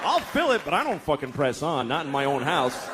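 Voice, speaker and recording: A man's voice: fairly high pitch, big pitch swings, brisk. A man doing a profane stand-up comedy routine, acting out characters in shifting voices. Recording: live club with crowd and faint noise.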